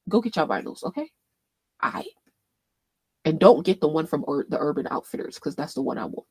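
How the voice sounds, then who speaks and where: A woman hosting a casual fan chat stream, her husky voice pitched a touch low but swinging widely as she thinks aloud. She swears freely and often breaks into loud laughter. The sound is close and dry, with no room around it. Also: no room sound. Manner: reads posts aloud while scrolling, thinks aloud. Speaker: livestream host.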